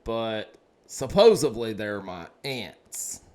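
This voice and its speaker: Hesitant man with a lively pitch. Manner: hesitant, halting delivery. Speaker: podcast co-host. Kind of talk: casual chat.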